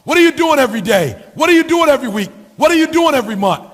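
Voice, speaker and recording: A middle-aged male motivational speaker talks at a racing pace in a very high, highly animated voice. He preaches in a sing-song rhythm and stacks up rhetorical questions, with long reverb from the hall around him.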